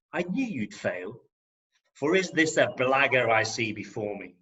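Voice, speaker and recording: His voice is a little high and a bit bright, carrying an English Midlands accent from England. The performance poet reads rhyming verse on an online video call with wry comic asides in between, recorded as dull, lo-fi audio through the call's microphone.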